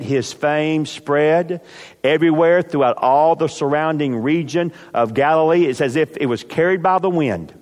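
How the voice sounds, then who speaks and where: A man preaching a sermon as pastor, speaking emphatically and rising to forceful commands. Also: on the high side, big-room sound.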